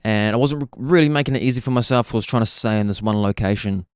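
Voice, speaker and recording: Talking fast in a medium-pitched voice, a young man hosts a podcast, wandering loosely through a casual monologue and saying "bro" a lot. The sound is clean, echo-free and studio quality.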